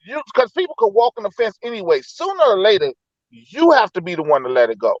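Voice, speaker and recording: A man in a casual talk, thinking out loud and telling personal stories to make his point. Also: extremely high pitch, big pitch swings, brisk, no room sound, dull audio. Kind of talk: casual debate.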